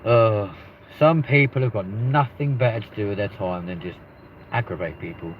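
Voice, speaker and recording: Low-voiced swearing London man. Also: normal speed. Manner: rambling, swears freely. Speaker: livestream host. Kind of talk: casual live stream banter. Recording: muffled lo-fi with faint noise.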